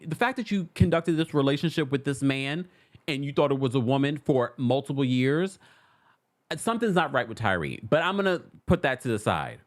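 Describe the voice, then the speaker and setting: A man hosting a casual pop culture gossip show, animated and sassy, laughing often as he comments. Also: medium pitch, a little fast.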